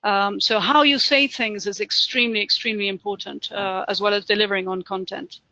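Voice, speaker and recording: A man giving a career training webinar, talking fast with lots of ums and uhs. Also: high-pitched, steady tone, sharp tone, no room sound, highs cut off. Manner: talks fast with many fillers. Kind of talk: webinar presentation.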